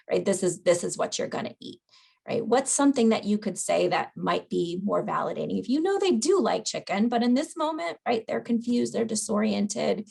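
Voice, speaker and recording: A woman's voice: mid-range voice, lively intonation, normal speed, creaky, breathy edge. A woman presenting a webinar on dementia caregiving, talking conversationally and often checking in with "right?" over a video call. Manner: conversational, asks "right?" after points. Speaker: dementia educator. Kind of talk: webinar lecture.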